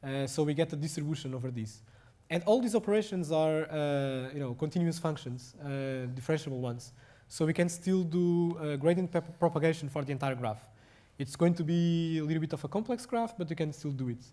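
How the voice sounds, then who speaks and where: A young adult man with a Portuguese accent giving a technical lecture, speaking haltingly with many fillers and restarts. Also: fairly high pitch, mellow.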